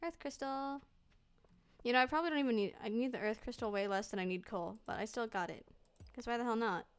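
Streaming a game over faint background music, a young woman gives casual commentary, bantering with herself and putting on mock old-timey phrases. Her voice is a little high, clear and resonant, at a quick pace.

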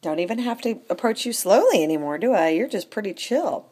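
A woman's voice: expressive, brisk, breathy edge. Sing-song woman cooing at a cat. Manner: sing-song, swooping pitch, soft murmurs. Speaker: cat sitter. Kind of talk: cooing baby talk to a cat.

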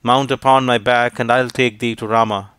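A man voicing a loyal, kind magical monkey envoy in a storybook reading, in a measured, even tone. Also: mid-range voice, clean tone, dry recording, lightly acted. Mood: reassuring.

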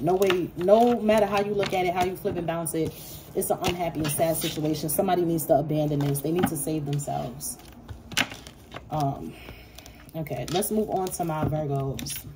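A woman giving a casual tarot reading, blunt and profane, acting out imagined quarrels in an animated way. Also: on the low side, background noise. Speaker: tarot reader.

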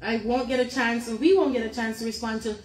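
A woman's voice: fairly high pitch, fairly even intonation, fast talker, echoey room. A woman hosting a casual livestream on a phone in a holder, laughing often as she reads out viewer names. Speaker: livestream host.

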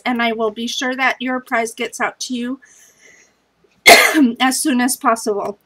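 A woman's voice: fairly high pitch, a little slow, pushed and bright, low-quality recording. A tired woman hosting a scrapbooking challenge vlog, chatting in a casual, scattered, self-deprecating way at home.

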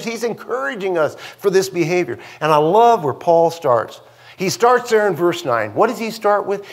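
A man's voice: sits high, breathy edge. A man preaching a conversational sermon in church, with frequent asides and questions to the congregation. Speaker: pastor.

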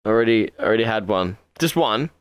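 Rambling, crude host gamer, dry close sound. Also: male voice, on the low side, a little fast, smooth, no room sound. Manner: rambling, crude, deadpan jokes. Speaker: channel host and game player. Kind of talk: casual gaming chat.

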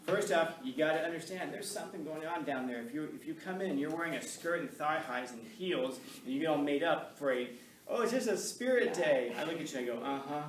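A man's voice: on the high side, quick pace, hardly any pauses. A man from Los Angeles, a teacher giving a rambling, jokey classroom lecture that acts out the voices he quotes. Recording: distant echoey classroom with noise.

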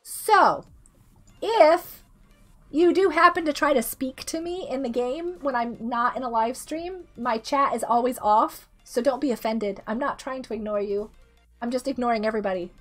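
A woman in her thirties, sick with a rough throat, chatting casually and giggling as she greets viewers during a game stream. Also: high voice, fairly bright tone. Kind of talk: casual live-stream chat while gaming. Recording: faint music behind the voice.

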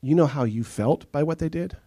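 A man's voice: a little high, brisk, husky. A middle-aged man preaching a sermon as pastor, telling stories and acting out the people he quotes. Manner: animated storytelling, acts out quoted voices. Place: church sanctuary.

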